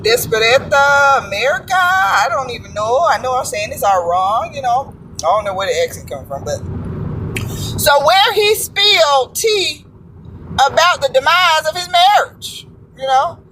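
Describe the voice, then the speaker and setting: A woman's voice: high voice, very animated, unhurried, a bit bright, a little hiss or hum, rough recording. A woman vlogging casual commentary from a moving car, slangy and chatty, stumbling over words when she reads aloud. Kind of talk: casual commentary while driving.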